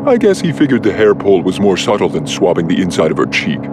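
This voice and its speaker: A man's voice: deep voice, wildly swooping pitch, fast, background noise. A man voicing a smug, teasing computer sidekick. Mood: dry, teasing. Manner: dry, teasing, precise. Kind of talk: audiobook character voice.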